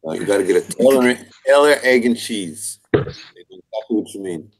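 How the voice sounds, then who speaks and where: A man's voice: on the low side, animated, brisk, poor audio. A man from New Jersey in a casual online group chat, confident and teasing. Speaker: chat participant.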